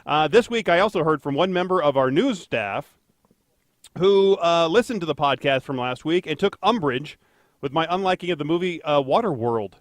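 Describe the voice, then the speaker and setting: Chatty, higher-pitched male podcast host. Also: expressive, normal speed, dry recording. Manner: rambling, jokey, self-deprecating with fillers. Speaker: podcast co-host, traffic anchor. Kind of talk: casual podcast chat.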